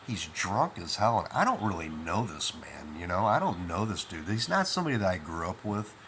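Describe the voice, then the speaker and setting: A sleepy middle-aged man with a low, heavy voice tells a story in a loose, rambling way, dropping "you know" and "man" as he goes. A faint hiss sits under his voice. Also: very animated, brisk, a bit bright. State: half asleep, drowsy. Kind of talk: casual first-person storytelling.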